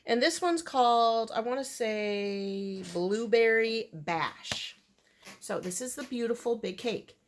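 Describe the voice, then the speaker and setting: A woman's voice: on the high side, slow pace, a little hiss or hum. A woman chatting casually to camera about her crochet projects, rambling and correcting herself with fillers as she goes. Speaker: crochet vlogger.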